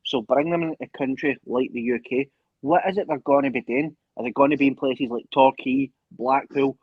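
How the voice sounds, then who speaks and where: A man's voice: mid-range voice, steady tone, normal speed, husky, dry recording, phone-quality sound. A man in a casual chat who rambles and keeps tagging his sentences with "right".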